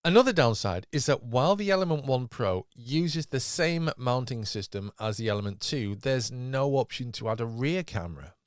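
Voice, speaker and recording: A man reading a scripted product review as a voice-over, in a smooth, even delivery. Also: medium pitch, no room sound, studio quality. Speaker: tech reviewer.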